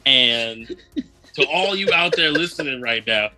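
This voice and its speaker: A man co-hosting a casual chat show, animated and laughing often, acting out quoted lines as he talks. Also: mid-range voice, a little slow, faint music behind. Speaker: co-host. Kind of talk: casual chat about tabletop games and anime.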